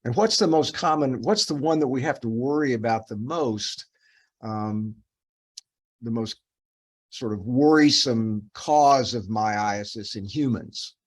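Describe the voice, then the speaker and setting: Unhurried and mid-range in pitch, this middle-aged man is a dermatopathologist going over cases with a resident. He rambles loosely, with plenty of fillers and false starts, in a teaching case review.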